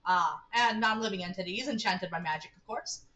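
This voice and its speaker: A woman's voice: medium pitch, a little fast, bright, forceful tone, natural voice. A woman voicing an awkward, eccentric middle-aged male scientist in a put-on Southern drawl, earnest and rambling. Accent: American Southern, put on.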